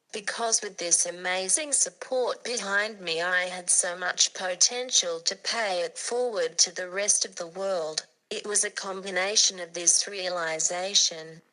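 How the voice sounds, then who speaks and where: A young woman blogger speaking through a speech device, with a synthetic robotic voice and steady, evenly read narration. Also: medium pitch, poor audio.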